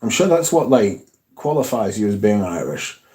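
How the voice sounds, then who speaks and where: A man with a mellow, warm, relaxed voice hosts a casual livestream from home. He rambles, swears freely and reads viewer comments aloud between his own asides. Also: on the low side, moderate pace. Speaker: fragrance livestream host.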